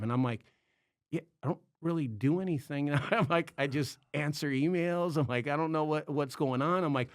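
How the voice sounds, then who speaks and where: A man hosting a podcast, telling a long story in a casual, animated way, acting out quotes and laughing often. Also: a little high, normal speed, dry recording, studio quality. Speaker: podcast host, comedian.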